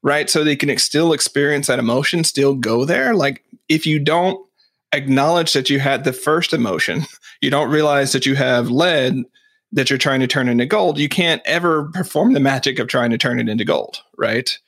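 A man's voice: mid-range voice, normal speed, fairly bright tone. A man as a podcast guest, explaining ideas thoughtfully with light laughs in casual chat.

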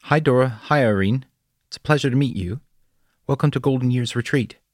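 A man's voice: mid-range voice, brisk, no echo, clean studio sound, voice pushed up, natural voice. A man voicing a friendly woman who leads a retreat group and talks in a welcoming, folksy way.

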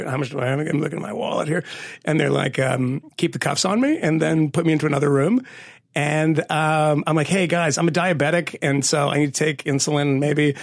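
Gravelly man telling an animated story. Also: a little high, dry recording, clean studio sound. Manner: animated storytelling with laughs and profanity. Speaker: podcast co-host. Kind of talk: casual chat.

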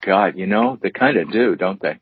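A man with a husky voice jokes his way through casual podcast banter as a co-host. He plays up mock emotion for laughs. The sound is dull and lo-fi, with a dry, close feel. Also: low-pitched, animated, normal speed, no room sound. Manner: jokey, playfully mock-emotional.

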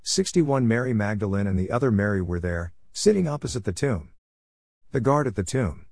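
Man with a lowish voice, dry close sound, steady scripture reading that calls out each verse number. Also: vocal fry, dry recording. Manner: measured, announces each verse number aloud. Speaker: Bible reader.

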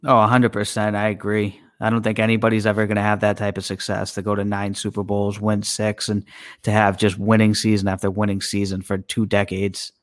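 A man's voice: on the low side, completely flat delivery, brisk, dry recording, studio quality. A man co-hosting a sports podcast, speaking in a casual, plainspoken way. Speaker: podcast co-host.

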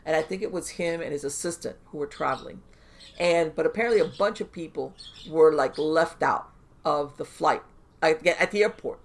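A woman guest on a podcast, telling stories in a casual, animated way with lots of fillers and restarts. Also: low voice, moderate pace. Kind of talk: casual conversational storytelling.

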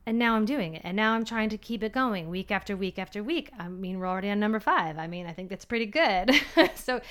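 Woman podcast host, trainer, casual and upbeat, clean smooth voice, mid pitch. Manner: chatty, upbeat, acts out inner voices. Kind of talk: solo podcast talk.

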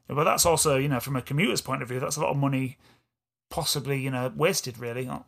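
A man's voice: mid-range voice, fast, creaky, a bit bright. A man with an East Yorkshire accent, co-hosting a podcast in a rambling, self-deprecating casual chat. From England. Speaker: podcast co-host.

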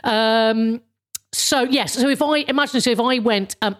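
A woman's voice: fairly high pitch, measured pace. Sweary woman ranting. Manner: rambling, sweary and sarcastic, with frequent restarts. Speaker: vlogger. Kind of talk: casual ranting monologue.

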